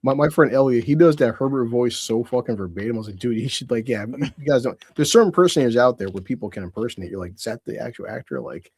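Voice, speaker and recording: Husky, lively man chatting on a podcast. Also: mid-range voice, fast, few pauses, dry recording. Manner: laughing, animated storytelling. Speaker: podcast co-host. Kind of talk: casual chat.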